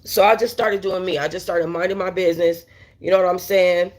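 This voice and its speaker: A woman's voice: on the low side, fairly even intonation, a little fast, darkish tone. Blunt, profane woman telling a story live. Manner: talks straight to viewers with many asides. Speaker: host of a storytime livestream. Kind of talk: casual storytelling while reading live chat.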